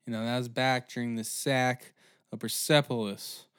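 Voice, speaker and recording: Profane rambling comedic history podcaster. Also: male voice, medium pitch, flat delivery, moderate pace, a bit bright, clear, resonant tone, no echo, studio quality. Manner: profane, rambling, bursts into silly voices and sound effects. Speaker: podcast host. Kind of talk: irreverent comedic history storytelling.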